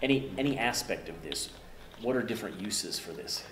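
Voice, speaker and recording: A man's voice: lowish voice, expressive, a little fast, background noise. An older man, a business professor, explaining ideas in a jovial, self-deprecating conversational way, tagging sentences with "right?". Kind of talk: conversational teaching. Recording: echoey room with music behind.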